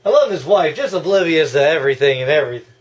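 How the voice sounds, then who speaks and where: A man giving casual, excitable movie reaction commentary, gushing and breaking into laughs and yells. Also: a little high, quick pace.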